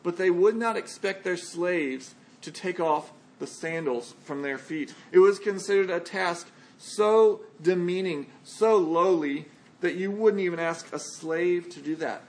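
A man's voice: sits high, a little slow. A man preaching a sermon, reading scripture and explaining it in a conversational way. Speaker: pastor.

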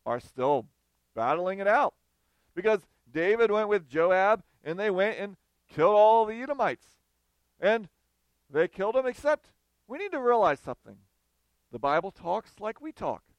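A man preaching a sermon, reading scripture, then explaining it in a lively, conversational way. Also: high voice, clean tone, no echo. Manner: animated, conversational, acts out quoted voices.

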